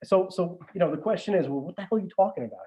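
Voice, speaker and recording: A man's voice: sits high, racing, muffled recording. A man chatting casually as a regular podcast guest, rambling with many restarts and some swearing. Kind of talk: casual chat.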